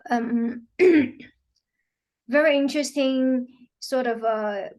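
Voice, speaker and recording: Brief: woman healer explaining her practice, earnest, slightly higher pitch, loose filler-heavy phrasing. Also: very slow, a little mellow. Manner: earnest, many "you know" fillers, acts out quotes. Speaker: quantum healing practitioner, guest. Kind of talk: explanatory interview talk.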